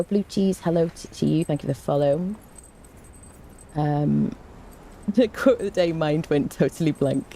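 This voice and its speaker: Speaking in a low register, this British woman streams a game live and chats warmly with her audience. She says hello to viewers and reads through patch notes, often pausing with ums and starting over, over a faint hiss or hum.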